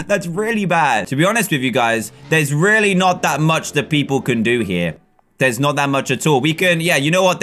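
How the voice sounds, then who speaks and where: A young man giving casual, excitable commentary as he plays a video game, laughing often and talking to the other players. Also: a little high. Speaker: gaming video host. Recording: faint game music behind.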